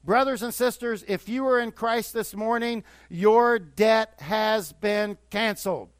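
A man's voice: high voice, unhurried, smooth, dry recording. An older man, a pastor preaching a sermon in church, moving from conversational teaching to fervent exhortation.

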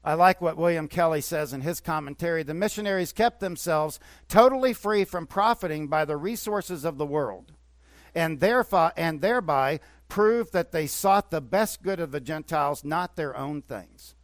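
A pastor delivers a sermon to his congregation at normal speed, his slightly high voice swelling into emphatic bursts and falling into quieter asides. The audio is dry and close, without room echo.

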